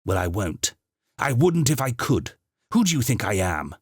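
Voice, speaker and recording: A man's voice: medium pitch, very animated, moderate pace, breathy edge, no echo, studio quality, voice pushed up. A man reading an audiobook, voicing the Doctor, a male alien time traveller who speaks with rising passion. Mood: defiant. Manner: impassioned, rising to declamation.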